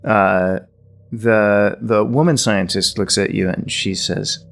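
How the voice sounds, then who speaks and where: A man's voice: lowish voice, steady tone, slow, gravelly, fairly bright tone. A man narrating as game master, loose and hesitant, with many fillers.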